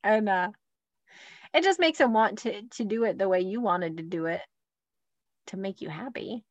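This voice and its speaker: A woman's voice: mid-range voice, animated, normal speed, no echo. A woman, a mother and wellness coach, co-hosting a podcast in a rambling, chatty way full of fillers. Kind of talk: casual podcast chat.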